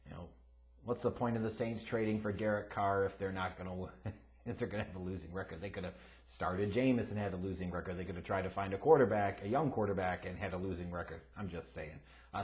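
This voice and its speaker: Profane man swinging from mutters to shouts. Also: medium pitch. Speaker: sports picks host. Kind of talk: casual sports betting commentary.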